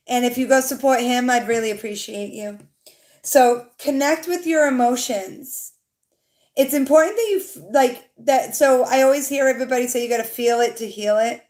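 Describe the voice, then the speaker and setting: A young adult woman tarot reader hosting a livestream, chatting casually and rambling, swearing now and then, and talking to her viewers in the chat. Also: fairly high pitch.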